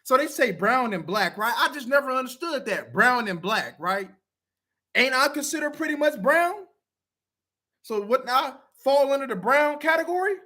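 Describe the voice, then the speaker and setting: A man's voice: very high-pitched, sing-song, moderate pace, sharp tone. A man talking straight to camera, blunt, profane and heated, repeating himself to press his point. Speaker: video commenter. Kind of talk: casual talk to camera.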